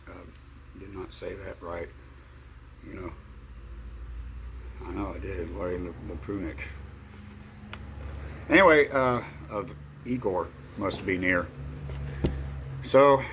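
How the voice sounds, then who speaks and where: A middle-aged man telling a rambling personal story in a halting way, full of fillers and restarts. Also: deep voice, a bit bright, slight background noise. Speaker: vlogger.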